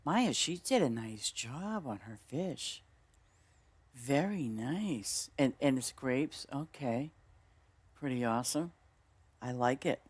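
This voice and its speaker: Slow-talking excitable woman streamer. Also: very deep voice, breathy edge, dry recording. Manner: excitable, chatty, exclaims often and talks to viewers. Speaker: gaming streamer. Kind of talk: casual gameplay commentary.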